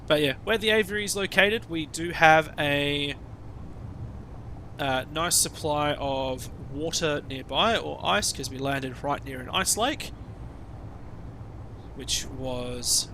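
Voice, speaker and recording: Bright-voiced Australian man streaming a game. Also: a little high, takes it slowly, slight background noise. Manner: rambling, sweary, sarcastic asides. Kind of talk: casual gameplay commentary.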